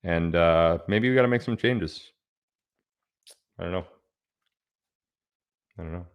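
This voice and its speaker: Deep-voiced man hosting a rambling livestream. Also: unhurried, clean tone, muffled recording. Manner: rambling and joking, reading out viewer locations. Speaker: livestream host. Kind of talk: casual livestream chat.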